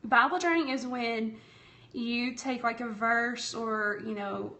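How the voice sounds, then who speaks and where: A woman's voice: a little high, fairly even intonation, measured pace, bright, forceful tone. A woman from Tennessee with a Southern accent, hosting a casual live craft tutorial, chatting with viewers and calling them y'all while she works. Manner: chatty and friendly, calls viewers y'all, talks while working. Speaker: craft livestream host. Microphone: tablet streaming app.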